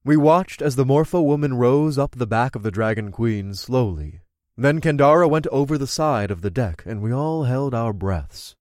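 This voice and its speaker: A man narrating a first-person fantasy story in an expressive, conversational storytelling manner. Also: medium pitch, normal speed, no echo, studio quality. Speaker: audiobook narrator.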